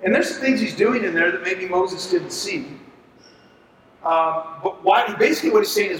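A man leading a Bible study for ministry leaders, talking in an animated, conversational way and asking the group to agree. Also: sits high, normal speed. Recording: echoey room, far from mic.

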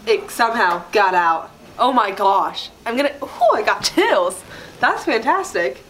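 A woman chatting casually on a podcast, telling a story with lively quoted voices and frequent laughter. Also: a little high, unhurried, slight background noise, poor audio. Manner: animated, acts out quoted voices, laughs often.

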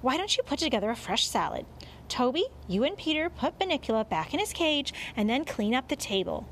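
A woman voicing a brisk, harried mother in a storybook reading, sounding exasperated as she gives orders. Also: high-pitched, big pitch swings, a bit bright, a little hiss or hum, full character voice.

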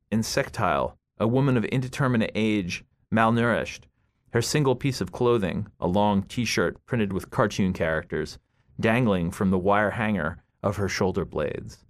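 A man reading his own short story aloud in a measured, deliberate way. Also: on the low side, dry recording. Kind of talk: literary reading.

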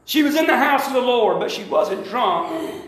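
High-voiced preacher, echoey church. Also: male voice, expressive, normal speed, a bit bright. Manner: emphatic preaching with repetition and calls to the congregation. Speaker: pastor. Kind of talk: sermon. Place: church sanctuary.

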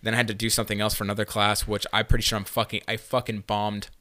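A man's voice: fairly low pitch, flat delivery, quick pace, bright, forceful tone, dry recording. A young man telling a long story on a casual podcast, rambling with lots of fillers and swearing. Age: young adult. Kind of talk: casual chat.

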